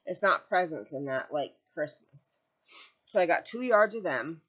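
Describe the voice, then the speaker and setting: A woman's voice: low-pitched, lively intonation, unhurried, fairly bright tone, muffled recording. A woman hosting a crochet channel, chatting casually from home, rambling and correcting herself, near tears at times. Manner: rambling, self-correcting storyteller. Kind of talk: casual chat to camera.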